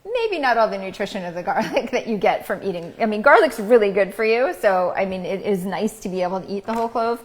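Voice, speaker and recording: A woman hosting a live cooking show, chatting in a relaxed way and telling stories while she cooks. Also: mid-range voice, fast talker, hardly any pauses. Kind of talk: casual cooking show chat.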